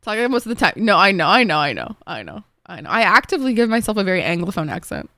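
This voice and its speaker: Young woman streamer, Egyptian accent, animated casual chatter, dry close mic. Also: mid-range voice, quick pace, dry recording. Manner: chatty, animated, laughs easily, bursts into song. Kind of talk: casual chat with viewers.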